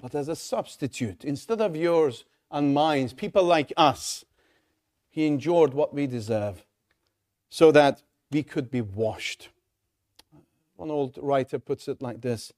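Male preacher, slightly higher voice, urgent pleading sermon full of rhetorical questions. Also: slow, darkish tone. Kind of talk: evangelistic sermon.

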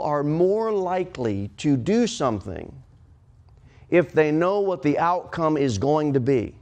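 A man preaching a sermon as pastor, with emphatic swings in pitch and pace. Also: big pitch swings, a little slow, darkish tone.

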